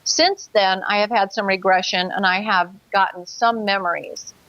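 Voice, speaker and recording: A woman's voice: mid-range voice, steady tone, moderate pace, fairly bright tone, no room sound. Woman, earnest interview storyteller, dry close sound, slightly dull recording. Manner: earnest storytelling, acts out her own past thoughts. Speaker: guest telling her experience. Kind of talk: personal account in an interview.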